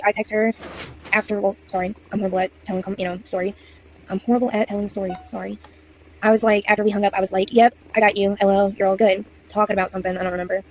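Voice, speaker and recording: A woman's voice: medium pitch, a little mellow, slight background noise, rough recording. A young woman telling a casual storytime at home, rambling, apologizing and losing her place. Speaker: vlogger. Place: indoors at home.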